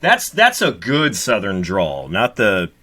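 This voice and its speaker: A man's voice: fairly low pitch, wildly swooping pitch, slow pace, bright, forceful tone, no echo. A man in his late thirties, a guest co-host in casual, rambling podcast chat, swearing and joking. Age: late 30s. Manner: rambling, profane, jokey.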